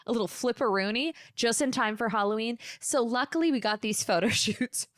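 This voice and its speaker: A woman's voice: fairly high pitch, moderate pace, no room sound, clean studio sound. A woman in her thirties hosting a solo podcast, telling a funny story with swearing and playful impressions of the people in it. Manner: animated, profane, mimics people in quoted bits. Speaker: podcast host.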